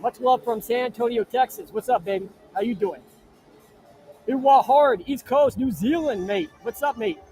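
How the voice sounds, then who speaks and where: High-voiced brash man hosting a live stream. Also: normal speed, faint music behind. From New Jersey. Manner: brash, crude joking shout-outs. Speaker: livestream host. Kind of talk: live-stream chat reading viewer comments. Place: inside an arena.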